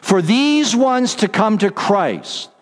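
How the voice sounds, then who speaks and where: A man's voice: high voice, big pitch swings, slow. A man preaching a sermon as pastor, emphatic, repeating key phrases for weight.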